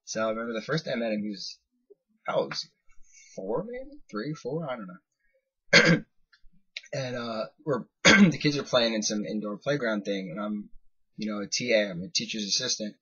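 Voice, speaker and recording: Husky young American man telling a story. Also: lowish voice, moderate pace, highs cut off. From United States. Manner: rambling, self-interrupting anecdote with animated quoted voices. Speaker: vlogger. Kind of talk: casual storytelling.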